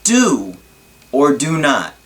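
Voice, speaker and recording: A man's voice: mid-range voice, wildly swooping pitch, drawn-out words, exaggerated voice. A man voicing a small, ancient, stern alien master who scolds his pupil in inverted word order.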